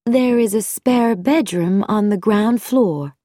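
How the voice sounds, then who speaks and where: A woman's voice: on the high side, big pitch swings, takes it slowly, a little mellow, slightly rough, no echo, studio quality, voice pushed up, exaggerated voice. A woman reading a storybook, voicing a poised lady of the manor in a cool, polite tone.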